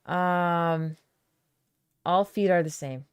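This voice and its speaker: Chatty woman, smooth and dry. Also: fairly low pitch, very slow, dry recording. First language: Aramaic. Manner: chatty, reads chat comments aloud, laughs often. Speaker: podcast host. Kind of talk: casual live-stream chat.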